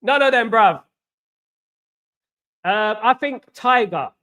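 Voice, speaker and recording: This football channel host has a very high-pitched voice with lively intonation, speaking slowly and sharply. He rambles and repeats himself on a casual live stream, chatting with viewers and reading their comments.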